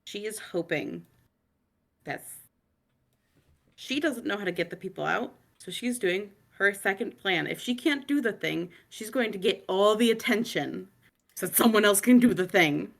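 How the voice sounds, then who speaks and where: A woman's voice: medium pitch, expressive, normal speed, gravelly. A woman playing a tabletop role-play, talking in a casual, hesitant, rambling way. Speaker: player. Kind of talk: casual tabletop game talk.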